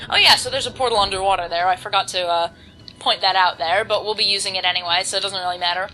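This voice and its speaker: Chatty teen girl with a bright voice. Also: mid-range voice, fast talker, a little hiss or hum, rough recording. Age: teens. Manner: chatty, rambling, with filler. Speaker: let's play commentator. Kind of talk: casual gameplay commentary. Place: home, volume kept low.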